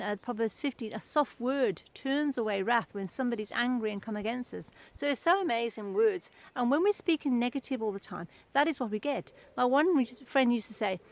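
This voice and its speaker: A woman's voice: on the high side, rough recording. A middle-aged woman giving an informal devotional talk, earnest and conversational, telling everyday anecdotes.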